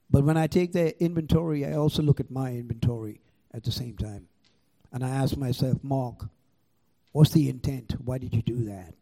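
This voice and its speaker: Here the recovery speaker's voice is a little high and warm. He's an older man with an Indian accent giving a personal share before a live audience, swearing freely as he spins his story.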